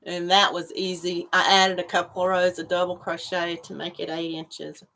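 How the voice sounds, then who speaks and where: A woman's voice: fairly low pitch, little pitch movement, moderate pace, gravelly, fairly bright tone, a little hiss or hum. Chatty lady on a livestream, rambling along, talking back to viewer comments. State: coughing after choking on water. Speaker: livestream host. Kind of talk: casual chat with live viewers.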